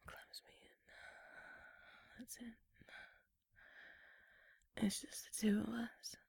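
In this whispered ASMR role-play, a young woman murmurs teasing, coaxing instructions punctuated by quiet giggles. Her voice sits on the high side, airy and mellow with a slight gravelly texture, delivered flatly at a slow pace as she takes her time with every word, and the recording has no room sound.

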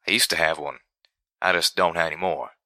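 A folksy young pegasus stallion, voiced by a man for a storybook. He speaks low with a bright, sharp edge, stretching his words in an easygoing country way. The reading is dry and close. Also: steady tone, a little fast, no room sound. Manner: folksy country talk, drawn out. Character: young male pegasus pony, folksy and boastful.

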